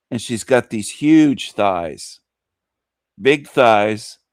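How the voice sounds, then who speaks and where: A man's voice: lowish voice, no room sound, studio quality. A man hosting a show, giving mocking commentary in a sneering, ranting way that repeats itself. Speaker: host.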